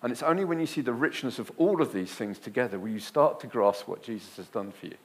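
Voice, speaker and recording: A man preaching a sermon, emphatic, swinging from loud bursts to quiet and repeating phrases for weight. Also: mid-range voice, animated, quick pace.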